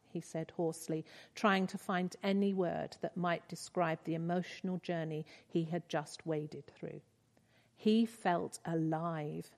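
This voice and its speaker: A woman giving a devotional talk, reading a passage aloud in an earnest, measured way. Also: lowish voice, fairly even intonation. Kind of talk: sermon with read-aloud book passage. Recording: reverberant hall.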